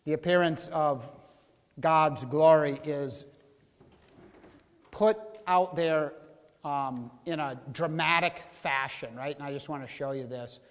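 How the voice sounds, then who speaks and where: High-voiced male preacher in a reverberant church. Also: slow pace. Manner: expressive preaching, reads scripture aloud, voices the grumbling crowd. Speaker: pastor. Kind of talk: sermon. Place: church sanctuary.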